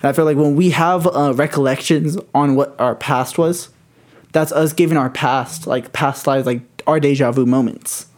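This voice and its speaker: A man's voice: medium pitch, steady tone, moderate pace, a little mellow. A young man in his twenties telling a rambling, swear-heavy story in casual chat.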